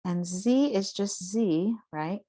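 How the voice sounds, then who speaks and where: A woman's voice: medium pitch, slow, warm tone. A woman giving a casual spoken lesson, explaining and demonstrating vowel sounds aloud. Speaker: voice teacher.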